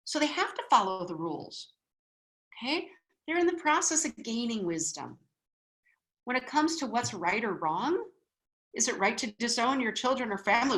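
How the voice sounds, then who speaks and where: Animated woman teaching a class. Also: on the high side, normal speed, pauses often, rough recording. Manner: animated, checks in with frequent "okay?". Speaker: spiritual wisdom teacher. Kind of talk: lecture class.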